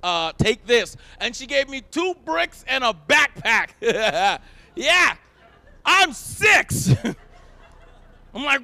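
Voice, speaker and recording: A man performing a stand-up comedy set, telling animated stories and shouting his punchlines. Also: extremely high pitch, extremely slow, pauses often, dry recording. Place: live event stage.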